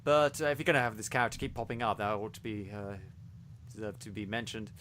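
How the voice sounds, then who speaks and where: A man's voice: fairly low pitch, fast talker, a bit bright, slight background noise. A man co-hosting a casual review podcast, talking with enthusiasm and lots of fillers and restarts. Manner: enthusiastic, rambling with many fillers. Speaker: podcast co-host.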